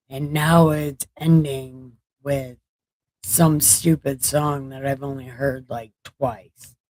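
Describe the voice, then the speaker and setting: Slow, rambling tired woman on a livestream. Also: a bass voice, a little mellow, dry recording. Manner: rambling, joking, chatting to viewers. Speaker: livestream host. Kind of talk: late-night livestream chat.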